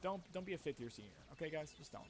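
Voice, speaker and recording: A man's voice: fairly high pitch, animated, racing, over music. A young man in his twenties giving casual gameplay commentary, rambling and self-mocking with frequent swearing. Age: young adult. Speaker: let's play commentator.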